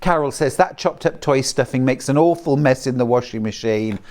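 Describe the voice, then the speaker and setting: A man with a British accent presenting on a live shopping channel, chatty and jokey, reading out viewer messages between product pitches. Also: moderate pace, darkish tone.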